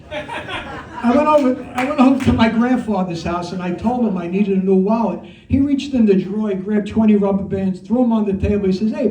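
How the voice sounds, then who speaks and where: A middle-aged Brooklyn man with a heavy New York Italian-American accent does a brash, profane open-mic stand-up set, telling stories built to punchlines in a high, warm voice. The comedy club room is echoey, his mic sounds distant, and the audience laughs in the background.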